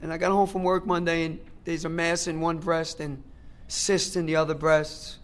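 A man's voice: a little high, little pitch movement, moderate pace. A middle-aged man speaking at a recovery meeting, giving a personal testimony in an emphatic, conversational way, repeating phrases for effect and talking straight to the crowd.

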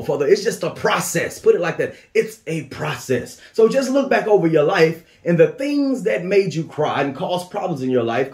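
A man's voice: fairly high pitch, darkish tone, echoey room. A man preaching a sermon as pastor, repeating phrases in a rhythmic call-and-response way. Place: church.

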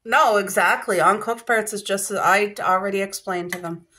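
A woman chatting casually at home in a vlog, lively and quick to gasp and laugh. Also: medium pitch. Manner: animated, gasping and laughing, emotional. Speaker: vlogger.

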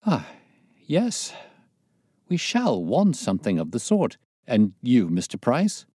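A man's voice: medium pitch, wildly swooping pitch, slow pace, dark tone, breathy edge, no echo, studio quality, pitched above the performer's own voice, heavily acted. A man voicing an agitated, terrified middle-aged company director with a strained, pleading manner.

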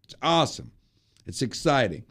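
Lively enthusiastic male preacher. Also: mid-range voice, moderate pace, creaky, slightly rough. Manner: enthusiastic, repeats words for emphasis; explains and applies scripture. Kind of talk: live webcast sermon.

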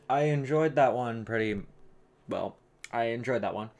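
A man's voice: mid-range voice, normal speed, a little mellow, soft background music. A man hosting a casual song reaction video, talking in a hesitant, rambling way and often correcting himself mid-sentence. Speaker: host reacting to songs.

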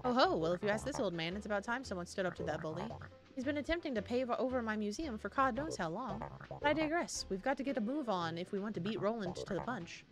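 A woman's voice: medium pitch, expressive, fast talker, close to an everyday voice. Woman playing a prim old crab curator, old-fashioned talk, game music faintly behind. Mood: genteel. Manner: old-fashioned, formal phrasing. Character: old male crab museum curator, genteel and fussy.

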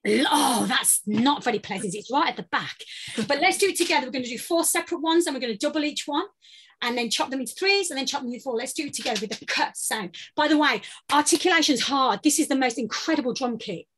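High-voiced British woman leading warm-ups. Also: quick pace, a little hiss or hum. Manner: encouraging, playful instructions. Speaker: voice workshop leader. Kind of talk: guided vocal warm-up.

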